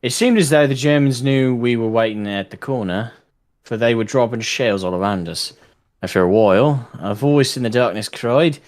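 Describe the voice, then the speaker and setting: A man's voice: medium pitch, moderate pace. A man reading a short war story aloud, then joking crudely and swearing. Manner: swears casually.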